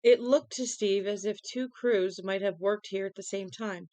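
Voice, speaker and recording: A woman's voice: mid-range voice, normal speed, warm tone, no echo, rough recording. A young woman reading a novel aloud to a live-stream audience, tired and yawning, chatty, with casual asides between passages. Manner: chatty, breaks off reading to talk to chat.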